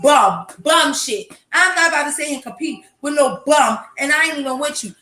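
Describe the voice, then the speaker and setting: A young woman telling a loud, brash, profane story in a casual vlog at home. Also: high-pitched, animated, normal speed. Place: home with children nearby. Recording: echoey room, faint noise.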